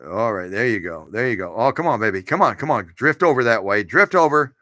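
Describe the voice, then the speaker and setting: Jokey guy showing off a sewing machine, bright voice, dry close sound. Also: medium pitch, lively intonation, fairly quick, dry recording. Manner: playful and jokey, cheers on the machine and camera. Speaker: host restoring and demonstrating vintage sewing machines. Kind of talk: casual hands-on demonstration. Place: home workshop.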